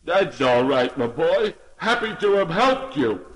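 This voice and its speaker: A man's voice: on the high side, very animated, a little slow, pitched above the performer's own voice, rough recording. A man voicing a kindly male horse speaking in a cold, stuffy-nosed voice in a storybook. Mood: chilled. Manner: stuffy, chilled, polite.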